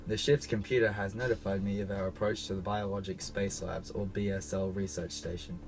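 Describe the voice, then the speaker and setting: A man reading aloud a female bounty hunter's mission log from a video game, a little louder and higher than his normal talk. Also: little pitch movement, brisk, faint music behind, low-quality recording. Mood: earnest.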